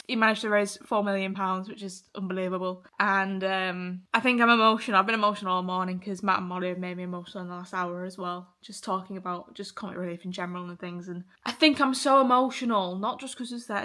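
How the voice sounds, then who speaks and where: A young woman talks casually to camera in a personal vlog. She is chatty and candid, swears freely and laughs often. Her voice sits at an ordinary pitch for a woman. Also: bright, forceful tone. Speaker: vlogger.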